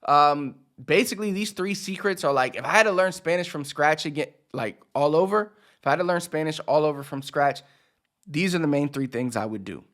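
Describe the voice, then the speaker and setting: A man giving a casual video lesson as a language teacher, relaxed, repeating key words slowly for emphasis. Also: a little high.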